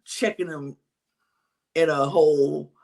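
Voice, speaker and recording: Creaky and unhurried, this co-host speaks at medium pitch while chatting casually on a podcast about reality TV. They tell animated stories, performing the quoted lines.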